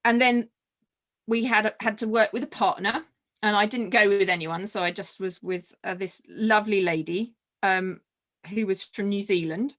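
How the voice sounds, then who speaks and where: A woman, a podcast guest telling a personal story in an animated way, laughing often and restarting her sentences. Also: mid-range voice, moderate pace.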